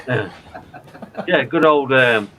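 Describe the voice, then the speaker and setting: A man's voice: medium pitch, bright, forceful tone, slight background noise. A man on a casual online panel, mocking the others with pointed rhetorical questions. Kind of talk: casual banter.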